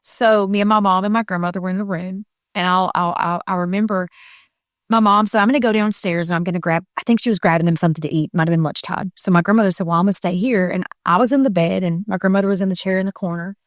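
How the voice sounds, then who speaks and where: A woman's voice: medium pitch, fairly even intonation, fast talker, no echo, studio quality. A middle-aged woman telling a personal faith story as a podcast guest, earnest and tumbling, with many restarts and fillers.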